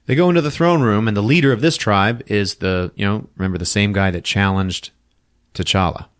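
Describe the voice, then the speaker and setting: A man hosting a podcast, recapping a film plot in a casual, profane, animated storytelling way on a close mic. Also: lowish voice, moderate pace, no echo. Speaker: podcast host.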